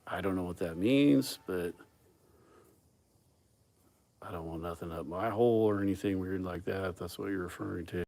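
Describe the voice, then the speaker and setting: Man hosting a loose live chat; deep voice, foul-mouthed, chuckling storyteller. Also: moderate pace, vocal fry, pauses often, warm tone. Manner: profane, laid-back, laughs often. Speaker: livestream host. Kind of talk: casual chat, rambling storytelling.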